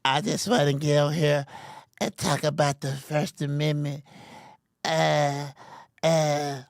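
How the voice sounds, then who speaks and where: A man's voice: a little high, little pitch movement, slow pace, creaky, no room sound, studio quality, pitched below the performer's own voice. A man putting on a mocking voice of a meek, mumbling young man who halts over his words. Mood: sheepish. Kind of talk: mocking impression.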